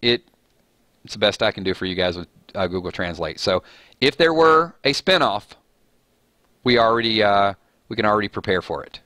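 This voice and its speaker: A man's voice: fairly low pitch, animated, normal speed, long pauses, sharp tone, no echo. A man hosting a casual live chat stream, rambling and laughing at his own jokes.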